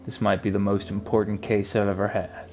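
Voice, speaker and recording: A man reading the part of a weary, self-doubting animal detective as a quiet, brooding inner monologue. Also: lowish voice, flat delivery, brisk, a little hiss or hum, lightly acted. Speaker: game voice-over reader. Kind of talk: reading a story game aloud.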